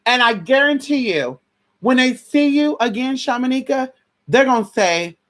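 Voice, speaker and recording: A woman vlogger casually telling a story to a viewer, sassy and slangy, acting out what people said. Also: moderate pace. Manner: sassy, animated, slangy, swings pitch widely acting out quotes. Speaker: vlogger giving advice.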